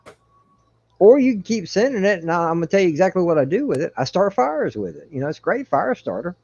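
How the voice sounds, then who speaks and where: A man's voice: high voice, very animated, fast talker, gravelly, darkish tone, breathy edge, lo-fi sound. A man in his forties telling stories in casual chat, blunt and a bit profane.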